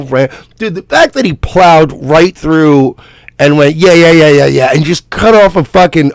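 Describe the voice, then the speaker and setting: A man's voice: a little high, vocal fry, dry recording, studio quality. A man hosting a radio show, reacting to video clips with laughter and lots of swearing. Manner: laughing, profane, animated. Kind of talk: casual reaction commentary.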